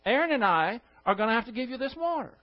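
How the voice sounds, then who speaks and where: A fed-up, furious Moses shouting down a complaining crowd, as a man acts him out. The voice sits high and rings with indignation. The recording sounds dull and lo-fi. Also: very animated, quick pace. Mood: angry. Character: furious exasperated man, Moses scolding rebels.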